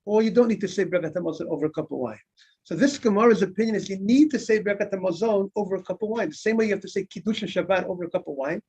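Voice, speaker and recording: High-voiced rabbi teaching a Talmud class. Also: male voice, racing, a little mellow, breathy edge. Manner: repeats words, asks students questions and answers them. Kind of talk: informal Talmud lesson. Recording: dull lo-fi recording.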